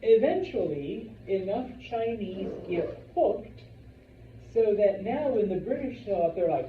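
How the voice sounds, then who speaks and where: This man's voice sits high and is expressive, moving at a measured pace as he teaches history to a class with jokes and a casual air, performing the voices of the people he describes. A little hiss or hum is present, and the classroom recording is roomy, distant and dull.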